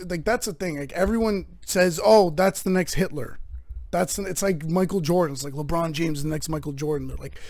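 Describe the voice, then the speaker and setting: A man with a fairly high voice hosts his own show and rambles through a profane comic monologue. His rants get animated, and the sound is dry and close to the mic. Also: no room sound. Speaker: host. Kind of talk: casual comedic monologue.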